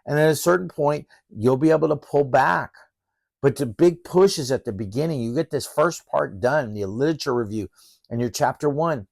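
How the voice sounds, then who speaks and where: A man's voice: a little high, gravelly, darkish tone, no echo. Middle-aged guy prof laying out the course, blunt and fired up like a coach, dry close sound. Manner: emphatic, fired-up, direct coaching tone. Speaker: professor. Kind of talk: course introduction lecture.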